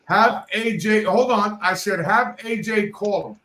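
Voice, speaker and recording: A middle-aged man on a podcast, telling stories about his son in a loud, profane, interrupting way. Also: high voice, a little slow, reverberant, low-quality recording. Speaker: podcast co-host, father. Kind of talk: casual podcast banter.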